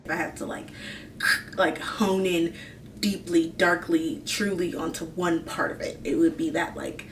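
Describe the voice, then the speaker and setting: A woman's voice: fairly low pitch, little pitch movement, a little slow, a little hiss or hum. A woman host chatting casually to camera, rambling with lots of fillers and gushing about what she likes. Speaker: video host. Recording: roomy room, mic at a distance.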